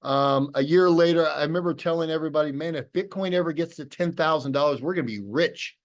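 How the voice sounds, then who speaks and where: A man's voice: on the high side, quick pace. A middle-aged man telling a personal story on a video call, acting out both sides of old phone calls. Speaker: speaker telling his story.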